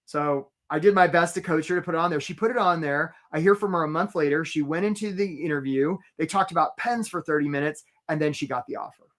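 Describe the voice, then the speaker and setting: A man coaching job seekers in a live webinar, chatty and lively, telling stories and greeting viewers from the chat by name. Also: a little high, fast talker, few pauses. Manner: tells stories to make his points.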